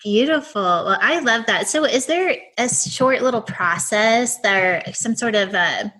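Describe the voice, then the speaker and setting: A woman hosting an interview, enthusiastic and affirming, reacting warmly to her guest. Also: a little high, expressive, measured pace, rough recording. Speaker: podcast host. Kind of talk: conversational interview.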